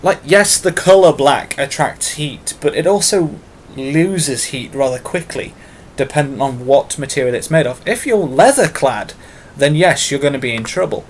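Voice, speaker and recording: Here a British vlogger does a tag video, talking casually and at length, full of fillers and self-deprecating remarks. He speaks at normal speed in a fairly high voice with lively intonation, over slight background noise.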